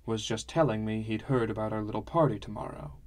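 A man reading the lines of a reserved female innkeeper who speaks quietly and flatly. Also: lowish voice, fast talker, natural voice. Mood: cool. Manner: quiet and flat. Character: reserved woman innkeeper, cool. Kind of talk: audiobook character voice.

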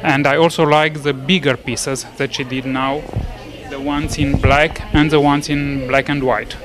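A man visiting an exhibition answers interview questions in a measured, polite, thoughtful way. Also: mid-range voice, flat delivery, noisy background. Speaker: guest at an exhibition. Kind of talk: casual interview. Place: art gallery opening.

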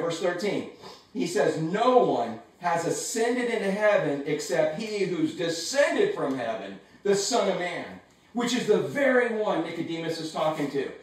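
A man preaching a sermon from his home in a casual, animated way with slangy asides. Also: sits high, very echoey, distant mic, poor audio. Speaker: pastor.

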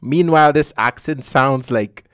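A man from the Caribbean hosts a casual podcast, joking and teasing as he talks. His voice sits at an ordinary middle pitch. The sound is close and dry, with no room echo. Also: unhurried. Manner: playful, joking, loose conversational delivery. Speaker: podcast host.

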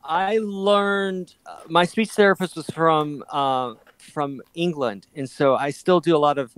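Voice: mid-range voice, measured pace, smooth. A co-host on a casual craft livestream, chatty and reading out viewer comments.

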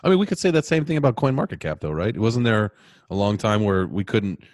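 A man co-hosting a podcast in casual chat, halting and repeating himself, with wry quips. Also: fairly low pitch, animated, a little mellow, no room sound. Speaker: podcast co-host.

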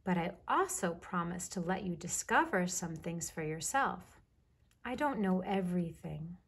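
A woman voicing a patient mother bear in a children's storybook reading, calm and reassuring as she kindly explains things, with a breathy voice. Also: fairly low pitch, a little slow, exaggerated voice. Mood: gentle, reassuring.

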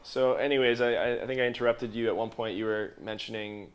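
A man hosting a podcast, asking questions eagerly and interjecting with quick reactions in a casual interview. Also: on the low side, level tone. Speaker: podcast host.

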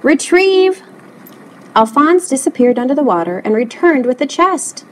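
Animated woman reading a children's book. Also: sits high, brisk, a little hiss or hum, low-quality recording. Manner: expressive, animated storytelling. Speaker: storybook reader. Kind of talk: picture book read-aloud.

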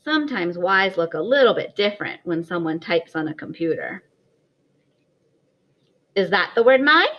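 A woman's voice: on the low side, big pitch swings, moderate pace, pauses often. A woman teaching a kindergarten writing lesson in a sing-song, encouraging voice for small children. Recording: slightly dull lo-fi audio.

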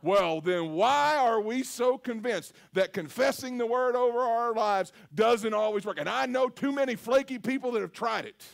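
A man preaches a sermon to a live congregation. His voice sits very high, and he delivers his points emphatically, calling on the congregation to answer back. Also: moderate pace, gravelly, hardly any pauses. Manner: emphatic, call-and-response preaching. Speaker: pastor. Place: church service.

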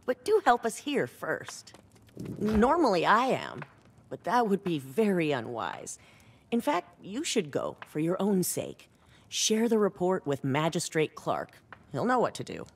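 A fretful townswoman quest-giver from a fantasy game, convinced she is cursed with bad luck. Her lively voice rises and falls, and a faint hiss sits under it. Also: fairly low pitch, measured pace, heavily acted. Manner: self-deprecating, lively storytelling. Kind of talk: video game character dialogue.

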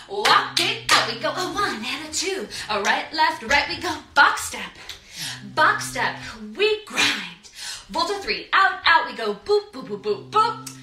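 In a roomy studio with the mic at a distance, a young American dance instructor leads a live online class, counting beats aloud and singing the steps. She has a high voice with a sharp tone.

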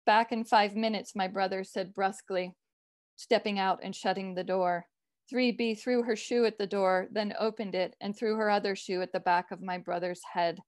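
A woman author reads her own short fiction in a measured, even way. The sound is dry and close, with no room echo. Her voice sits at a middle pitch for a woman. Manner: measured literary reading.

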